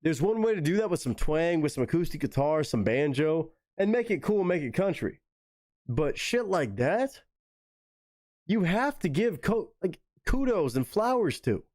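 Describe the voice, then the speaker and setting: A man's voice: a little high, big pitch swings, moderate pace, a little mellow, dry recording, clean studio sound. A man hosting a live stream, giving enthusiastic, profanity-laced commentary on a song and talking to viewers in chat. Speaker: live stream host reacting to music. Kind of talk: casual reaction commentary.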